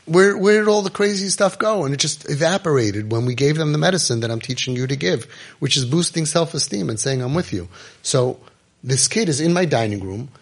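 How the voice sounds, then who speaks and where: A middle-aged man telling a story and giving advice, emphatic, repeating phrases and dropping to quiet intensity. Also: fairly high pitch, expressive, brisk, creaky. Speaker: rabbi giving parenting advice. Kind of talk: impassioned storytelling talk.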